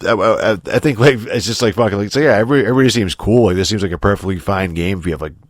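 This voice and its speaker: Deep-voiced man rambling with heavy profanity. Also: rapid-fire, no echo, clean studio sound. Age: adult, getting older. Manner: profane, rambling, many restarts and fillers. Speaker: podcast host. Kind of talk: casual rambling podcast chat.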